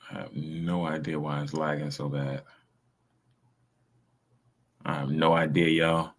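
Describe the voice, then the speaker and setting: A man's voice: extremely low pitch, level tone, measured pace. A man, reacting to videos on a casual stream in a blunt, profane, rambling way.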